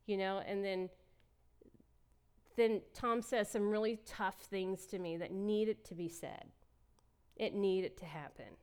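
A woman's voice: mid-range voice, fairly even intonation, slow, darkish tone, clear, resonant tone. A middle-aged woman giving a candid, emotional personal testimony as a church speaker, laughing often as she talks.

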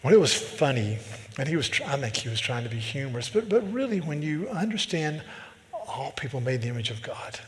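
A man's voice: medium pitch, very animated, brisk, slight background noise. Man preaching in a reverberant hall. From American South. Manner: emphatic, repeats words when building a point. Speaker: pastor. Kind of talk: sermon.

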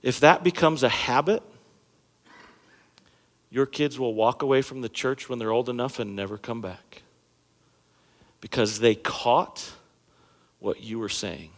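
A man's voice: mid-range voice, a little slow, pauses often. A man in his thirties preaching a sermon as a pastor, talking in a conversational, joking way and hitting key words hard. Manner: conversational and humorous, jokes with the congregation; emphatic, punching key words. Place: church sanctuary stage under bright lights. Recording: long reverb of a large hall.

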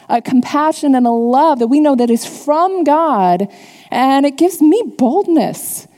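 A woman preaching a sermon in a relaxed, conversational way, with quick asides and the odd laugh. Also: a little high. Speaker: pastor. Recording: long hall reverb.

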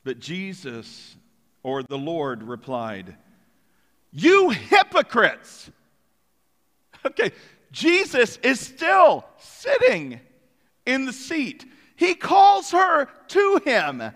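A male pastor preaching a sermon and acting out the story's characters with lively voices. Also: extremely high pitch, slow pace. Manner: animated, acts out voices of characters. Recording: long hall reverb.

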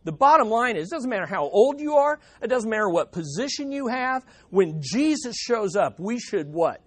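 A man's voice: high-pitched, very animated, normal speed. A man preaching a sermon as pastor, emphatic and repeating key phrases for effect. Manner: quotes imagined voices with dramatic swings in loudness.

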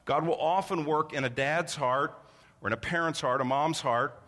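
A man's voice: a little high, moderate pace, fairly bright tone. Man preaching in an echoing hall. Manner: earnest teaching with repeated phrases and restarts. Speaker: pastor. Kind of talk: sermon. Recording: long reverb of a large hall.

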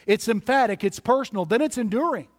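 A man with a high voice preaches a sermon in an emphatic, list-driven way. His words ring out with a long reverb from the church sanctuary around him. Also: lively intonation, fast talker. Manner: emphatic preaching with repeated lists. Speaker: pastor.

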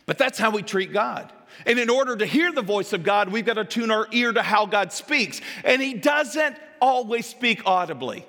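A male pastor preaching with animated drama, shifting between loud outbursts and near-whispers. His voice sits slightly high and sounds bright and forceful, carried by a long reverb in what seems a church sanctuary. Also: normal speed. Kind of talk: sermon. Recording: echoey hall with long reverb.

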